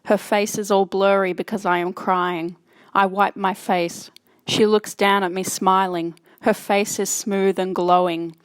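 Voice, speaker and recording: Woman narrating a creepy audiobook, even monotone-ish delivery, dead dry sound. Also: medium pitch, measured pace, dry recording. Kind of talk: scripted first-person horror narration.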